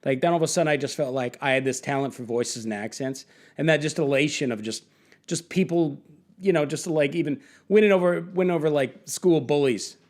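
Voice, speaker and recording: A man's voice: fairly high pitch, brisk, darkish tone. A man, a comedian, telling his story candidly in a documentary interview, rambling with many fillers.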